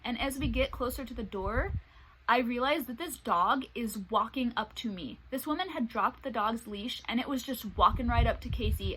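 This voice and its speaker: A young woman telling stories from her life with a service dog in a chatty, animated vlog. Her voice sits a little high, and she slips into other people's voices when she quotes them. A faint hiss runs underneath. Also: rough recording. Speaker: service dog handler and vlogger. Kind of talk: casual storytelling vlog.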